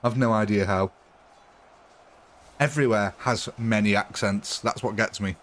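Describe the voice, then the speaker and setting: A man's voice: lowish voice, a little slow, a bit bright, a little hiss or hum. Chatty man live-streaming. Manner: chatty, laughs often, rambling with fillers. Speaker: livestreamer chatting with viewers. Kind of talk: casual live-stream chat.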